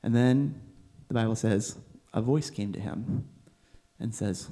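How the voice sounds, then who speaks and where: A man preaching a sermon in a conversational, animated way, using filler words as he goes. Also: on the low side, moderate pace. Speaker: pastor.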